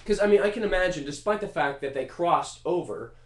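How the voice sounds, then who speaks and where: Animated, swearing man in an echoey room. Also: high voice, brisk, noisy background. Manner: animated, profane, rambling with fillers. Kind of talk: comedic casual monologue. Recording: roomy echo.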